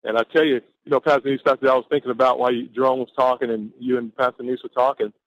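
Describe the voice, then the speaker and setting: A fired-up man delivering a motivational pep talk on a team call, his cadence that of a preacher, drawing out the words he wants to land. His voice sits at an ordinary male pitch. The audio is dry, dull and lo-fi, like a conference line. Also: fairly even intonation, no echo. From Atlanta, Georgia, USA. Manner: exuberant, preacher-like, stretches key words slowly.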